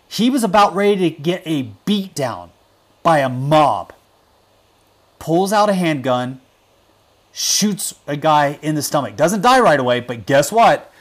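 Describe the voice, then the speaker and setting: A man hosting a livestream, talking with fervent emphasis and sinking to a hushed intensity on his gravest points. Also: a little high. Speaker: livestream host. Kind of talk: impassioned livestream commentary.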